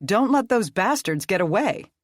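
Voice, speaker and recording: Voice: mid-range voice, big pitch swings, normal speed, no room sound, clean studio sound, pitched above the performer's own voice. An audiobook narrator voicing a tough, wry male vampire hunter who talks curtly and confidently. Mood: cocky. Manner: curt, cocky. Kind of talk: audiobook character voice.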